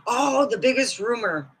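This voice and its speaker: A woman vlogger chats casually and rambles from thought to thought, laughing along. Her voice is bright and sharp. She talks at an unhurried pace. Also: a little high, expressive, husky, poor audio. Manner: rambling, chatty, laughs often. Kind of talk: casual chat.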